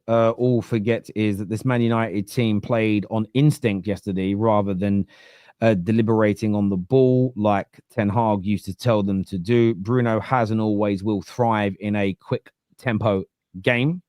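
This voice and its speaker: A man with a Cockney accent hosting a casual football chat, rambling and animated, with lots of restarts. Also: lowish voice, a little slow, smooth, dry recording, studio quality. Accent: London Cockney.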